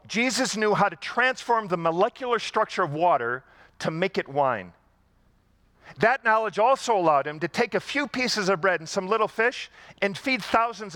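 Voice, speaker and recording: A man's voice: sits high, pushed and bright, no room sound. A man preaching a sermon to a congregation, in a conversational style with rhetorical questions and emphatic repetition. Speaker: pastor.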